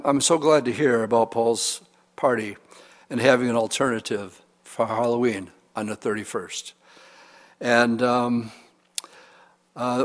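A pastor preaching a sermon in a conversational, humorous way, acting out examples as he goes. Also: medium pitch. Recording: reverberant hall.

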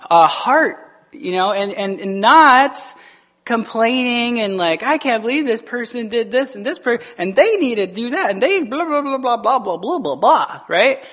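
A male pastor preaching a casual, conversational sermon in church, lively and full of restarts, acting out the voices he quotes. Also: high-pitched. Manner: casual and chatty, with frequent restarts and laughs. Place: church sanctuary, also streamed online.

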